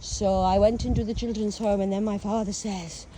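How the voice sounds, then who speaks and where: A woman's voice: mid-range voice, fairly even intonation, moderate pace, background noise. Theatrical, sardonic woman telling her life story. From England. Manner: theatrical, swears, acts out voices, breaks into song; sardonic, self-mocking asides. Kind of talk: casual storytelling monologue.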